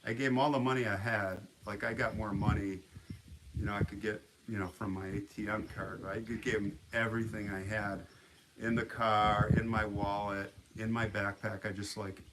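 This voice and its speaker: Lower-voiced man telling a story. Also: normal speed, very noisy. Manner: animated, acts out quotes, frequent restarts. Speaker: livestream host. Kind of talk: casual storytelling on a livestream.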